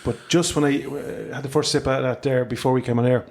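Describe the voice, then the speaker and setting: A man's voice: mid-range voice, fairly even intonation, a little fast, vocal fry, a little mellow, a little hiss or hum. An Irish man co-hosting a podcast in casual chat. He rambles, swears freely and trips over his words. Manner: rambling, swears freely, lots of fillers and restarts. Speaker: podcast co-host. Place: in a home studio.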